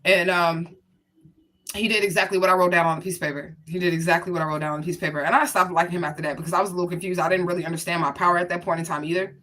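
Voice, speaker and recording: A woman's voice: lowish voice, fairly even intonation, rapid-fire, fairly bright tone, slight background noise. A woman giving a casual spiritual reading to her viewers, blunt and profane, talking straight to them. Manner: blunt, profane, chatty, addresses viewers directly. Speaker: spiritual reader.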